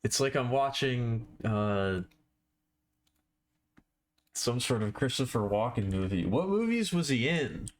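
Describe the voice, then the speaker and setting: A man's voice: medium pitch, expressive, slow pace, pauses often. A man chatting casually on a live stream while he draws, rambling and self-deprecating, with offhand swearing.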